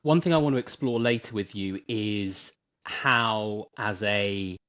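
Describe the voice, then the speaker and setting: A man with a fairly low voice hosts a podcast interview. He asks his questions in a measured way, pausing to look for his words. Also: a bit bright. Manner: measured, hesitant with fillers. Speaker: podcast host.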